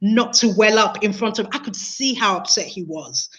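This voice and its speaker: A woman's voice: medium pitch, normal speed, fairly bright tone, poor audio. A woman, an interview guest telling a personal story in an earnest, emotional way, often repeating herself. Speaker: interview guest, training consultant.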